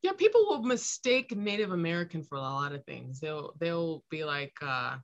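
A woman's voice: deep voice, big pitch swings, normal speed, dull audio. A woman guest on a podcast, chatting casually, laughing often and hesitating with fillers. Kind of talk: casual chat.

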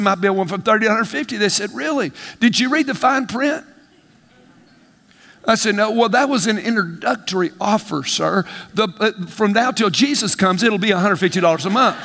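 A man preaching a sermon as pastor, lively and conversational, calling out questions to the congregation and acting out both sides of everyday conversations. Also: high voice, moderate pace, big-room sound. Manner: animated preaching, call-and-response, acts out dialogue. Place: church sanctuary.

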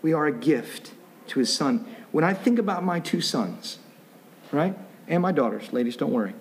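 A man's voice: on the high side, lively intonation, normal speed, slight background noise. A middle-aged man preaching a sermon as a pastor, in a conversational way with restarts and joking asides. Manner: conversational, self-interrupting, jokey asides.

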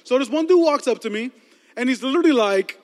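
A man's voice: very high-pitched, animated, fast talker. A man preaching a sermon as a pastor, telling comic stories with asides to the congregation. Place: large church hall. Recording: long hall reverb.

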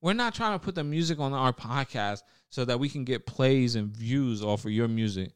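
A man's voice: mid-range voice, expressive, moderate pace, smooth, no echo, clean studio sound. A young man hosting a casual podcast, talking loosely with lots of swearing, trailing off and restarting. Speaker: podcast host.

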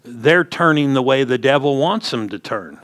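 Male pastor, mid-pitched, folksy sermon storyteller with emphatic swells. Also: lively intonation, moderate pace, a bit bright. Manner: folksy storytelling preacher, rising emphatic punches.

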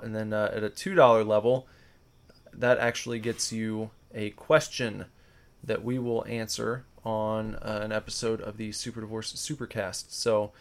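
A man co-hosting a podcast, chatting loosely and rambling with fillers. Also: lowish voice. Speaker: podcast co-host. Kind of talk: casual podcast chat.

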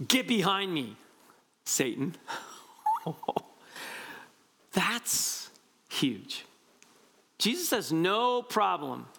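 A man preaching a conversational, animated sermon, often asking "right?" to his listeners. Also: a little high, creaky. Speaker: pastor.

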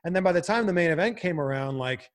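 Male host from Canada, chatty and animated, fairly high voice, very lively pitch. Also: fast. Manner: animated, laughs often, chatty with many fillers. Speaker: broadcaster and host. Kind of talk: casual podcast chat.

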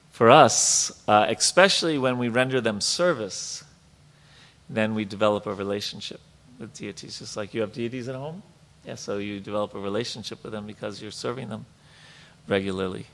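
A man with a fairly low voice leads a scripture class. He reads passages aloud and then explains them, thinking out loud and pausing often along the way. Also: vocal fry, slight background noise. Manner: reflective and conversational, with frequent pauses. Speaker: class leader.

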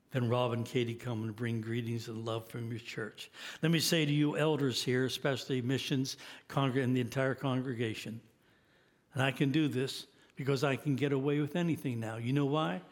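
A man's voice: mid-range voice, moderate pace. A man in his eighties preaching a sermon, earnest and building to emphatic exhortation. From United States. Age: 80s. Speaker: guest preacher.

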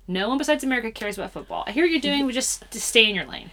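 A young woman co-hosting a casual sports podcast, playful and jokey, quick to tease. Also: a little high, animated, sharp tone. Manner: playful, jokey, makes sound effects. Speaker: podcast co-host. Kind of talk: casual chat.

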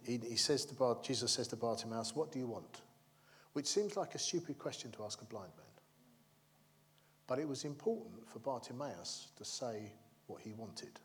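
A man preaching a sermon in a chatty, humorous way, checking in with the congregation and acting out the figures in his stories. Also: medium pitch. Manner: conversational, keeps asking the congregation "yeah?"; acts out the crowd and characters in the stories.

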